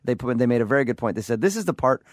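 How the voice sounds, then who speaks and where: A man's voice: medium pitch, animated, very fast, no room sound, studio quality. A man hosting a morning radio show, joking and teasing his co-host and callers. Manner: joking, teasing, laughs often.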